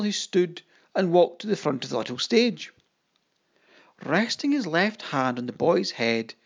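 Expressive narrator with a lively, swooping voice. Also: mid-range voice, vocal fry. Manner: dramatic, expressive reading with voiced quotes. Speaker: audiobook narrator. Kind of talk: first-person audiobook narration.

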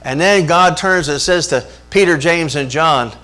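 Animated preacher man, higher voice. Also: measured pace. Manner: animated, rhetorical questions to the congregation. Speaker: pastor. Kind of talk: sermon.

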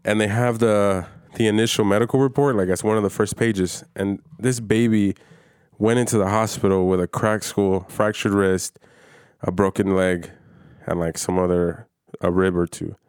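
Low-voiced dude talking slangy and cursing, dead dry mic, just chatting. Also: male voice, steady tone, moderate pace, darkish tone, clean tone, dry recording. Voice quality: heavy swearing, loose slangy storytelling. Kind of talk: casual chat.

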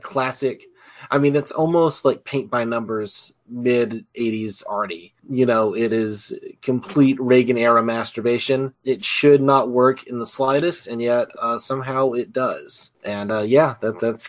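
A man's voice: medium pitch, a bit bright. Rambling, candid male movie reviewer. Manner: rambling, candid, swears casually. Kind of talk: casual movie review chat.

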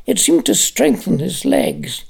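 A narrator giving a measured, expressive reading of a literary audiobook. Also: medium pitch, gravelly, slightly rough.

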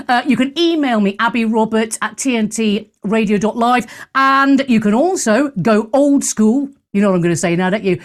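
A woman's voice: fairly high pitch, moderate pace, hardly any pauses. A middle-aged woman hosting a talk radio show, giving a brash, sarcastic monologue with theatrical asides.

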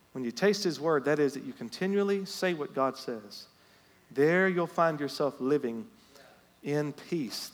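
A man preaching a sermon as pastor, animated and storytelling, climbing to loud emphatic peaks. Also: mid-range voice. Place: church sanctuary. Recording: long hall reverb.

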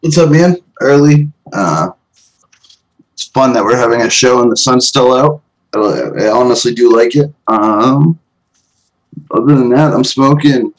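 A man's voice: medium pitch, measured pace, a little hiss or hum, rough recording. Laid-back man chatting on a live stream. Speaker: panelist. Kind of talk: casual chat.

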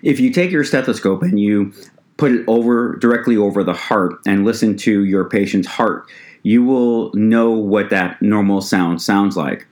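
A man with a fairly low voice gives a recorded lecture to EMT students. He talks to the class in a conversational way and often says "ladies and gentlemen." Now and then he stumbles and restarts a word. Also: normal speed. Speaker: EMT instructor.

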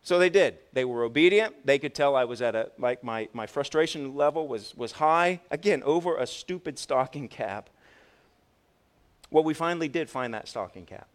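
A man preaching a sermon as pastor, telling a personal story with lively swings between loud and quiet delivery and frequent restarts. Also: mid-range voice, normal speed. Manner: repeats words when restarting.

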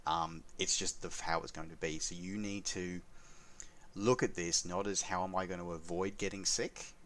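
A man's voice: sits low, fairly even intonation, normal speed, a bit bright, far from the mic. A man co-hosting a podcast in casual chat, making earnest, emphatic appeals to listeners. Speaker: podcast co-host.

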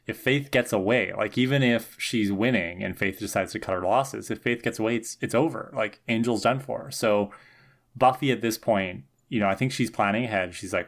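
A woman co-hosting a casual podcast, making wry, animated asides about the episode. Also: very deep voice, normal speed. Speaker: podcast co-host. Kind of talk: casual recap chat.

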